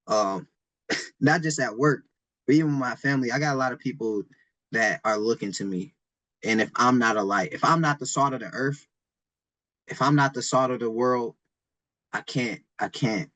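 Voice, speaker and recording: A man, a wrestling coach, speaking as a podcast guest in an earnest, halting, emotional way about his faith. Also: medium pitch, fairly bright tone, no room sound, poor audio. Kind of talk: podcast interview.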